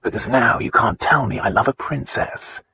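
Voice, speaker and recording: A man reading an audiobook, voicing an arrogant nobleman husband who is gruff, blunt and dryly teasing. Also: a little high, animated, moderate pace, fairly bright tone, highs cut off, slight background noise. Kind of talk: audiobook dialogue.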